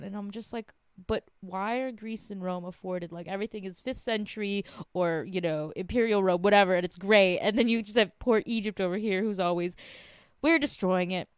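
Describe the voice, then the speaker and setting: Smooth-voiced American woman hosting. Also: medium pitch, no room sound, studio quality. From United States. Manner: animated, jokey, quick asides. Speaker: podcast host. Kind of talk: casual chat.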